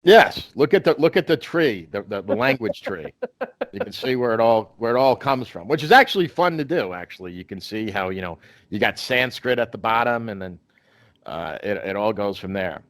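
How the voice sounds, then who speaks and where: A man's voice: on the low side, expressive, normal speed, no echo. A man hosting a podcast in casual chat, rambling with many restarts and fillers. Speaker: podcast host.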